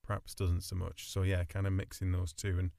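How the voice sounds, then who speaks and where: A man co-hosting a writing podcast, speaking in a measured, thoughtful way. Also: low-pitched, monotone, creaky, warm tone, dry recording, clean studio sound. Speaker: podcast co-host. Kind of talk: casual chat.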